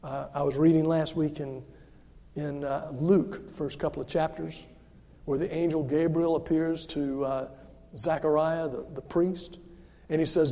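A man's voice: on the high side, level tone, unhurried, dark tone. A man preaching a sermon as pastor, in a conversational, self-deprecating way, sometimes acting out the voices he quotes. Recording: long reverb of a large hall.

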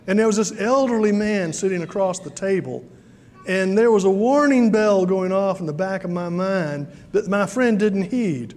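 A man's voice: high-pitched, a little fast, a little mellow, big-room sound. A man from South Carolina, preaching a sermon in a folksy storytelling way with many fillers. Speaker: pastor.

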